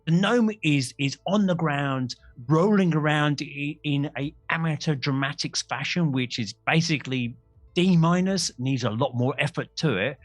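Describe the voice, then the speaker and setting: A man's voice: fairly high pitch, normal speed, dry recording, faint music behind. Aussie guy running a d&d game, rambly, stumbles over his words, very dry sound. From Australia. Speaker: game master. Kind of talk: narrating a tabletop game.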